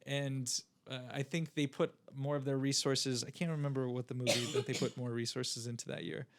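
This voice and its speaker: Podcast co-host, young adult male, mid-pitched, casual and rambling with many fillers. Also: steady tone, a little fast, creaky, background noise. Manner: rambling, full of fillers and restarts. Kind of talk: casual chat.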